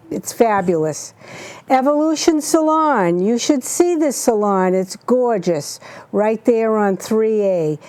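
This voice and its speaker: A woman's voice: on the high side, dark tone. A woman hosting a local cable talk show, chatty and gushing as she plugs sponsors and introduces guests.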